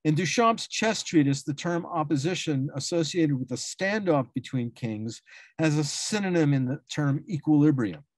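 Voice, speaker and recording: A man's voice: on the high side, lively intonation, moderate pace, dry recording. A man giving a symposium talk, reading a prepared academic paper and often stumbling and correcting himself on long words. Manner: reads dense prose with frequent self-corrections and restarts. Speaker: academic speaker.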